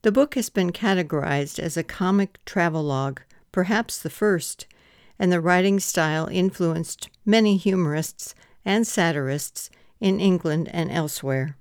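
A woman giving a measured, formal introduction to an audiobook series. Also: fairly low pitch, smooth, no echo, clean studio sound. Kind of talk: scripted introduction.

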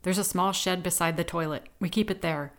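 A woman's voice: on the low side, fairly even intonation, a little fast, natural voice. A woman voicing a sullen captured man in an audiobook, answering in clipped phrases. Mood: cowed. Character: sullen captured man, defiant then scared.

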